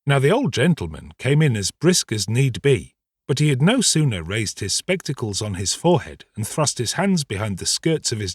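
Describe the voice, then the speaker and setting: Husky, expressive male audiobook narrator. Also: on the low side, dry recording, studio quality. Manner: expressive, theatrical storytelling.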